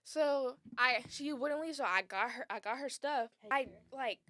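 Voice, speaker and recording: A young woman co-hosting a casual chat podcast, telling a story with animated acted-out quotes and plenty of swearing. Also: high voice, measured pace, no room sound, studio quality. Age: young adult. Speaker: podcast co-host.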